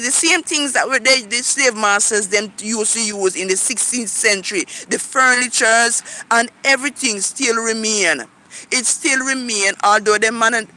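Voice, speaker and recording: A man's voice: sits high, bright, forceful tone, rough recording. A Jamaican man giving a casual spoken history tour to viewers, rambling along with frequent restarts and direct asides. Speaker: tour guide vlogger.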